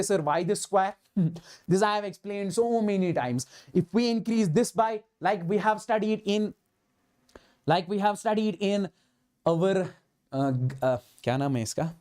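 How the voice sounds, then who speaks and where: A man's voice: sits high, lively intonation, normal speed, dark tone. A man with an Indian accent teaches physics in a live online class. He talks emphatically, repeats his points and keeps asking whether his students have understood, now and then slipping a Hindi word into his English. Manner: mixes Hindi words into English.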